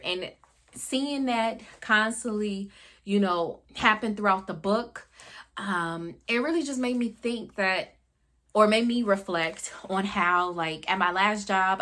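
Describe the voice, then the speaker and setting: A woman's voice: mid-range voice, fairly bright tone. A young woman talking through a book review in a candid, chatty way, full of fillers and asides. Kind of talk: casual book review talk.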